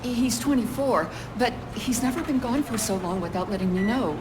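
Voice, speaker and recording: A middle-aged mother, anxious and pleading, as a woman acts her out. Her voice sits somewhat high. Steady noise runs behind the game audio. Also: normal speed, lightly acted. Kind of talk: video game voice acting.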